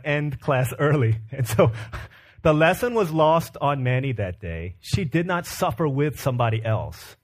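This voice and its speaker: A pastor in his thirties giving a conversational sermon, asking the congregation questions and telling stories about his young children. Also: a little high. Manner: conversational preaching with rhetorical questions and family stories.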